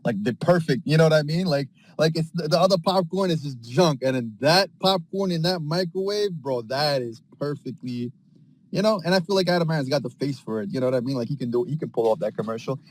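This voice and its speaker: Rambling excitable man pitching ideas. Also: fast talker, few pauses, breathy edge, no echo, low-quality recording. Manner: rambling, excitable storytelling full of fillers and slang. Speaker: space participant. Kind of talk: casual chat. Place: parked car.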